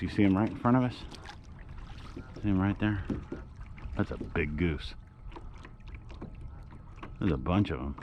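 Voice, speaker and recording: A middle-aged man sits in a kayak out on a lake, talking casually into an action camera. His voice sits on the low side, and his easygoing chat drifts between pointing out the scenery and giving gear tips. A faint hiss of noise runs under him. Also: highs cut off. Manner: easygoing, chatty, jokey. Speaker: kayak vlogger. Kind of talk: casual outdoor vlog commentary.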